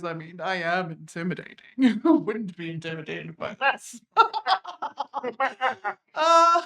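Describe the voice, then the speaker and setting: A woman's voice: a little high, a bit bright, exaggerated voice. A woman playing a boastful pompous general. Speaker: player in live improv tabletop game. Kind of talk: live improvised character play. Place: convention stage before a live audience.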